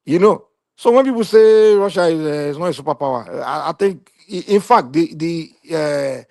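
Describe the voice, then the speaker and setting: A man's voice: fairly high pitch, lively intonation, normal speed, a little mellow, dry recording. A man hosting a casual discussion, rambling with many fillers and restarts, talking through a phone.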